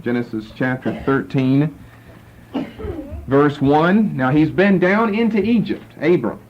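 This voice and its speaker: Man, Bible teacher, fairly high voice, patient explaining, dull lo-fi recording. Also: expressive, measured pace, a little mellow. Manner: explanatory, walks listeners through verses. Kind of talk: classroom Bible lesson. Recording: dull lo-fi lecture recording with faint noise.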